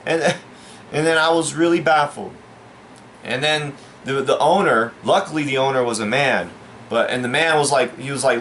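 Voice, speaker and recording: A man telling a personal story in a casual, rambling way, halting often with fillers and restarts, sounding baffled and aggrieved. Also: mid-range voice, a bit bright, slight background noise. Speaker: storyteller vlogger.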